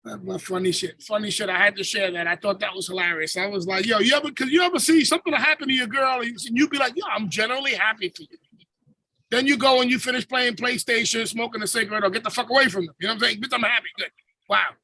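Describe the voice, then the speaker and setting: A man's voice: sits high, fast, bright, forceful tone, no echo, rough recording. A man hosting a podcast over a video call, telling stories in a casual, profane, slang-heavy comedic rant. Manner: profane, storytelling with swearing and slang. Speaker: podcast host.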